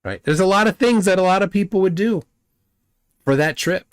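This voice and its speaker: Lively rambling man. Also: sits high, a little fast, clear, resonant tone. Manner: rambling, reads chat comments aloud, repeats words. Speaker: livestream host. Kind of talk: casual livestream commentary.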